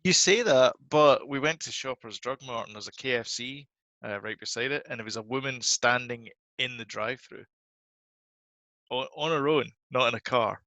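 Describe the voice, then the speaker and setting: A man's voice: medium pitch, normal speed, bright, forceful tone, no room sound. A man co-hosting a podcast, chatting casually and laughing easily. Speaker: podcast co-host. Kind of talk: casual chat.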